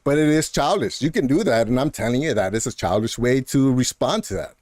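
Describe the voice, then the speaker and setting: A male gaming streamer rants at a viewer in a heated, animated way, throwing in "bro" and "man" and short laughs. His voice sits at a middle pitch for a man. The sound is dry and close, with no room echo. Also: a little fast. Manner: argumentative, talks straight to a viewer in chat, repeats "bro" and "man". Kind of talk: casual live-stream rant.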